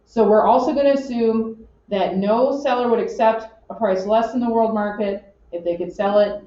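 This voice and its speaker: A woman teaching an economics class in an animated, joking way, acting out her examples. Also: a little high, normal speed, slight background noise. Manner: animated, jokey, acts out examples. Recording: roomy, distant, dull classroom audio.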